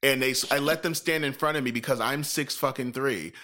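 A man in a casual chat, telling a lively, profane story and acting out what people said. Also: mid-range voice, a little fast. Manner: animated, profane storytelling with acted-out quotes.

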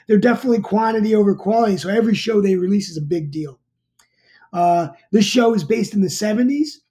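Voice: mid-range voice, dark tone. A middle-aged TV show reviewer talking casually, rambling, with many fillers and restarts.

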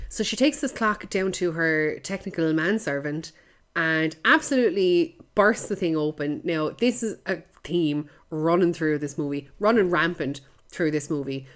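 A woman hosting a podcast in casual movie chat, lively and sweary, often laughing. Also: low-pitched, moderate pace. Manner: lively, sweary, laughs at her own jokes. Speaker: podcast host.

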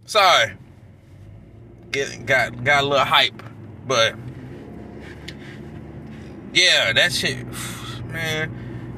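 A man hosting his podcast, delivering a heated, profane rant that keeps bursting into shouts. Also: on the high side, very animated, drawn-out words, pauses often, slight background noise. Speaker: podcast host.

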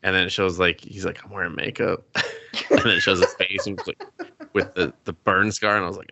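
A man hosts a casual podcast reviewing anime, retelling an episode with quoted lines and bursts of laughter. His voice is low, level, brisk and creaky, over a noisy background.

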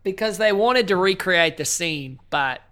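A woman's voice: lowish voice, animated, unhurried, fairly bright tone. A woman chatting on an improvised comedy podcast, joking and swearing freely as she rambles. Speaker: podcast guest.

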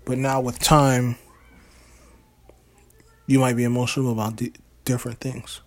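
Brief: man, mid-pitched, easygoing and hesitant podcast co-host. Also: little pitch movement, moderate pace. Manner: laid-back, hesitant, trailing off. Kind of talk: casual couple's podcast chat.

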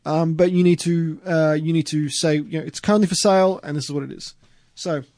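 A man's voice: on the high side, fairly even intonation, fairly quick, a little mellow, no room sound. A young Australian man hosting a casual car podcast, joking and reading out listener comments. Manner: laughing, loose and joking, reads out listener comments. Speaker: podcast host. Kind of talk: casual chat.

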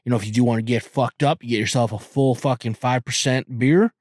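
A man's voice: medium pitch, fairly even intonation, fairly quick, a little mellow, dry recording, clean studio sound. A man hosting a podcast, chatting casually in a rambling, profane way with many stammered restarts. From Canada. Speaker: podcast host. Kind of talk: casual chat.

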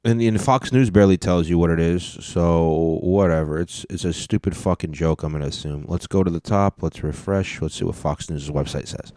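A man's voice: low-pitched, fairly even intonation, brisk, few pauses, mellow, no room sound, clean studio sound. A man hosting a casual solo podcast, reading news headlines aloud and adding sarcastic commentary. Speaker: podcast host.

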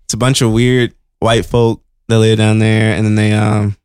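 A man's voice: fairly low pitch, level tone, moderate pace, darkish tone, smooth, dry recording, clean studio sound. A man co-hosting a casual podcast, telling stories in a loose, profane way full of "like" fillers. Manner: laid-back storyteller, heavy on "like" and profanity. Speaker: podcast co-host. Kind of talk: casual chat.

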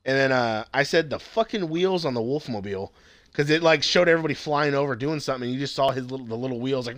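Fast-talking and mid-range in voice, this young man recaps an anime episode for a podcast in a casual back-and-forth with his co-host. Profane and excitable, he voices the characters as he acts out scenes; there's no echo.

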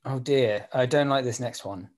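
A man in casual chat, telling ideas in a relaxed, rambling way with fillers. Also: medium pitch, normal speed.

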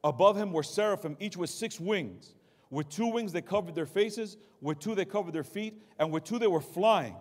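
A male pastor preaching a dramatic sermon, dropping low and quiet and then rising loud, and mocking excuses in a put-on voice. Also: lively intonation, moderate pace. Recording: long hall reverb.

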